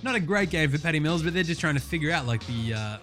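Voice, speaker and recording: A man's voice: fairly high pitch, animated, fast talker, a bit bright, soft background music. An Australian man hosting a sports podcast, ranting casually with lots of swearing and heated outbursts. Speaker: podcast host.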